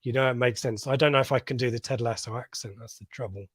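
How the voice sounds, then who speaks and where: A man hosting a live podcast, easygoing and chatty, stopping to read out comments from viewers. His voice sits at a middle pitch and is recorded close and dry. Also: fairly even intonation, quick pace, a bit bright, husky, no room sound. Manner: chatty, reads out viewer comments, laughs often. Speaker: podcast co-host. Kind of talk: casual live reaction chat.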